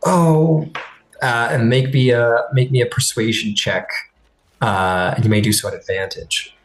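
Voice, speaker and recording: A man's voice: medium pitch, a little slow. A man narrating as game master of a tabletop game in a loose, filler-heavy way.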